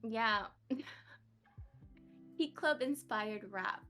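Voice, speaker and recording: A woman's voice: on the high side, very slow, sharp tone, soft background music. A young woman from the United States, a podcast guest chatting casually about her life, laughing often and poking fun at herself. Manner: giggly, laughs often, self-mocking. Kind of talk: casual interview chat.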